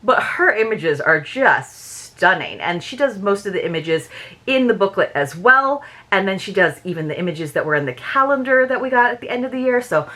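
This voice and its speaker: A woman's voice: mid-range voice, very animated, moderate pace, bright, forceful tone. A woman reviewing a subscription box in a casual, chatty unboxing, with many small asides.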